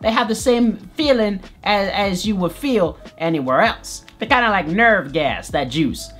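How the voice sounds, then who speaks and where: A loud male carnival barker with a high, bouncing voice, put on by a man telling a story. He rattles off his lines in showy fairground patter. Faint music plays underneath. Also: expressive, measured pace, full character voice. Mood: explaining.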